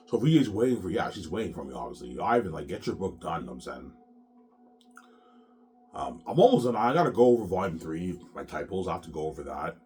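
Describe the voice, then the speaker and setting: A man's voice: deep voice, sing-song, fairly quick, pauses often, a little hiss or hum. A sick, coughing man hosting his own show in a rambling, profane monologue that keeps coming back to "man". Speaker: solo show host.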